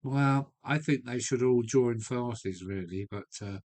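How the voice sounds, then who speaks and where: Englishman, middle-pitched, blunt and rambling live-stream chatter. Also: unhurried, a little mellow. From England. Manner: blunt, opinionated, rambling, with mild swearing. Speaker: model railway live streamer. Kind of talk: casual rambling chat to a live audience. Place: home loft. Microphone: live stream setup.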